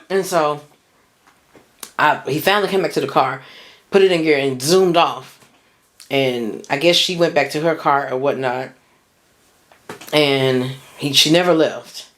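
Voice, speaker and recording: A woman's voice: low voice, unhurried, pauses often. A young woman telling a personal story in a casual, rambling way, with lots of restarts and slang.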